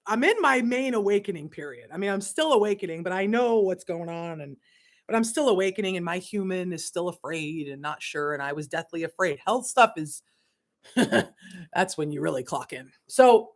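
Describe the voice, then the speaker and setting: A woman spiritual coach telling a personal story on a casual livestream, animated, cursing and laughing as she talks. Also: medium pitch.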